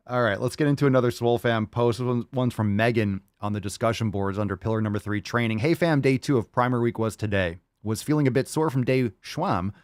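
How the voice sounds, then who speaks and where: A man's voice: on the low side, dry recording, clean studio sound. Hyped, profane male podcast host. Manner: loud, hyped, profane and jokey. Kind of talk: casual solo podcast, reading fan posts.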